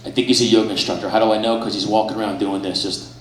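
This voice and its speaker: A man's voice: lowish voice, little pitch movement, racing, far from the mic, very noisy. A man doing a profane stand-up comedy set on a club stage, ranting through his punchlines. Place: comedy club stage before a laughing audience. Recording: roomy live club audio from afar.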